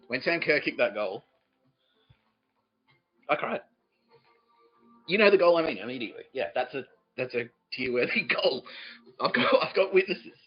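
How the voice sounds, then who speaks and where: A man's voice: medium pitch, slightly rough. Male podcast host; profane, rambling comic monologue; slightly muffled recording with faint music. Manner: profane, rambling, laughs mid-sentence.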